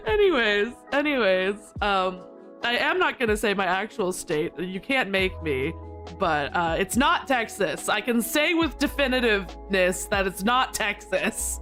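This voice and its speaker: Woman streamer, casual rambling chat, giggly, mid-pitched with squeaky outbursts. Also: lively intonation, unhurried, a bit bright, faint music behind. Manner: giggly, rambling, with frequent laughter; squeaky high protests when flustered.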